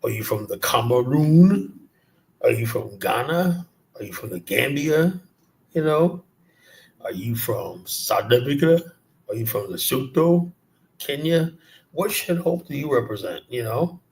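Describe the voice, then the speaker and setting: Brief: New man, livestream host, loose profane rant, mocking asides, mid-pitched voice. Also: lively intonation, unhurried, vocal fry, darkish tone. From South Jamaica, Queens, New York.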